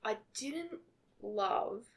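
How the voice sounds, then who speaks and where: Gravelly-voiced woman chatting casually. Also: a little high, drawn-out words. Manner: animated storyteller, acts out quotes, laughs often. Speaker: podcast co-host. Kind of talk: casual chat.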